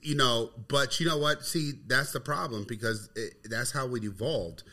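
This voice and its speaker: Bright punchy-sounding guy telling laid-back stories on a podcast, swears a lot. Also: medium pitch, normal speed. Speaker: podcast co-host. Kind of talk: casual chat.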